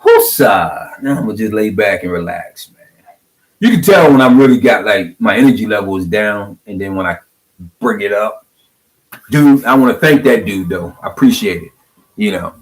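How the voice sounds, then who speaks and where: Fired-up animated man ranting. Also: fairly low pitch, moderate pace, low-quality recording. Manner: animated, preachy, swings from hyped to calm. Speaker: video blogger. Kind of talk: fired-up social media rant.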